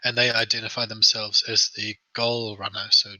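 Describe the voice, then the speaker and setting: A man narrating a tabletop game as game master, relaxed, with many ums and uhs. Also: lowish voice, normal speed, dry recording, low-quality recording.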